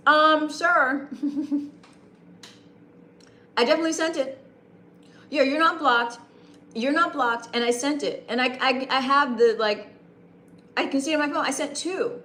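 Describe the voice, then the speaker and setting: A woman streamer with a slightly high, broadcaster-like voice rambles through a casual late-night chat. She greets her viewers by name. Her voice bounces around an echoey room. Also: measured pace, pauses often, sharp tone. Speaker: live streamer.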